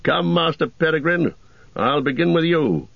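A man's voice: a little high, animated, moderate pace, creaky, no echo, lo-fi sound, voice pushed up. A man voicing a proud, strong male warrior who speaks in a bold, commanding manner.

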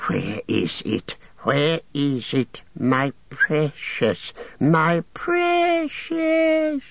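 A wretched, furtive male creature hisses and whistles through a high, swooping voice that stretches its words out slowly. He mutters bitterly to himself, wheedling and spiteful. The recording sounds a little muffled and lo-fi. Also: big pitch swings, gravelly, no room sound, full character voice. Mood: frantic. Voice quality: hissing, whistling. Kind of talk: audiobook character voice.

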